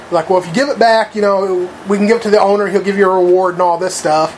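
A man's voice: sits high, fairly even intonation, quick pace, a little mellow, slight background noise. A man telling a long story in casual chat, rambling with lots of fillers and swearing. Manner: rambling, profane, full of fillers.

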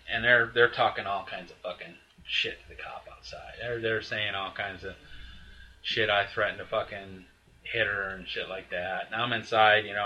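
Man, low voice, tense and forceful, swears a lot, rambling heated storytelling. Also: dull audio. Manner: rambling with frequent restarts and asides. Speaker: storyteller recounting a breakup. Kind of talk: casual conversation.

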